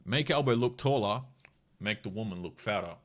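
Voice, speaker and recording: An Australian man with a slightly low voice, fighting off a cold. He talks in a blunt, sweary, mocking way, casually ranting about politics. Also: moderate pace, a bit bright. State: has a cold. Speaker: commentator.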